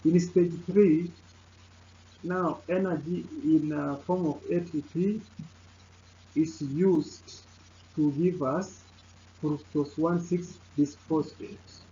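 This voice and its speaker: Male lecturer, slow and halting with many fillers, mellow tone, dull lo-fi recording. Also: a little high, fairly even intonation. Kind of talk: slide lecture narration. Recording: dull lo-fi sound with faint noise.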